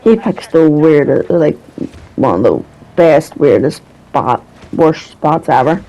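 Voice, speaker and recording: Male storyteller, casual and hesitant, slow delivery, soft dark tone. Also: a little high, lively intonation, highs cut off. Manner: rambling, hesitant, swears casually.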